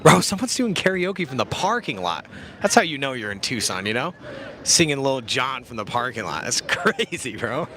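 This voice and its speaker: A man's voice: medium pitch, sing-song, moderate pace, crowd noise. A young man casually calling a youth football game outdoors, jokey and slangy, poking fun at himself. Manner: laid-back, jokey, slangy, self-deprecating. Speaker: play-by-play commentator.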